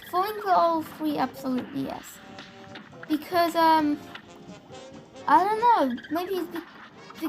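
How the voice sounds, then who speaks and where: A woman giving a casual, chatty voice-over commentary on her gameplay, excitable and rambling as she talks through each boss fight. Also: high-pitched. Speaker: gaming commentator.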